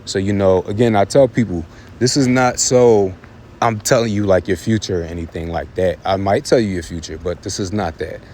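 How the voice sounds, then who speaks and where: A man with a fairly low voice talks his way through a casual forecast while walking outside. He rambles and circles back with a steady stream of fillers. Faint street and traffic noise sits behind him. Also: normal speed, low-quality recording. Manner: loose, rambling, repeats phrases with fillers. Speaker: astrology forecaster. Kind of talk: casual outdoor vlog forecast. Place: outdoors in an urban area, walking.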